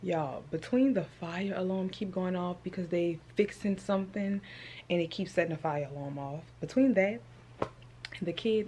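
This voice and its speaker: A woman's voice: fairly low pitch, echoey room. Chatty young Southern woman vlogger. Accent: Southern US, New Orleans area. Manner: animated, addresses viewers as y'all and child. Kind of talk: casual chatty vlog.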